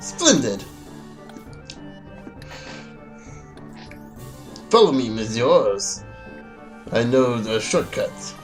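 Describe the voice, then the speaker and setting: A man hamming up a grand candelabra servant in an exaggerated mock-French accent. The delivery is theatrical and overdone, with a lively pitch. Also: takes it slowly, soft background music. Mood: gallant. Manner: hammy, exaggerated.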